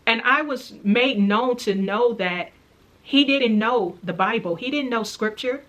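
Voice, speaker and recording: A woman's slightly high, fairly bright voice carries her earnest story of a dream, told as a faith vlogger. She reflects casually and slowly, repeating the main points.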